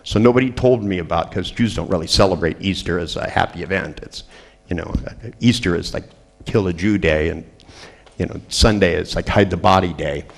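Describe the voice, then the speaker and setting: A creaky, low-voiced middle-aged man talks fairly quickly while leading a humorous seminar for a group. The trainer tells comic stories and acts out the voices of the people he quotes.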